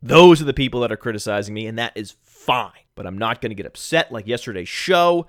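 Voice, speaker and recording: A man hosts a solo sports podcast, sarcastic and pretending to stay calm before he erupts into shouting. His voice sits at an ordinary middle pitch. The recording is close and dry, with no room sound. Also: a little fast, dry recording. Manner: mock-calm, bursting into shouts. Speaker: fantasy football podcast host. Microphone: studio microphone.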